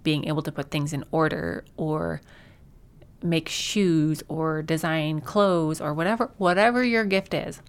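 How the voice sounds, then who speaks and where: A woman's voice: deep voice, measured pace, smooth. A woman hosting a faith podcast, talking in a chatty, encouraging way with many fillers and restarts. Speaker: podcast host. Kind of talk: faith-based podcast talk.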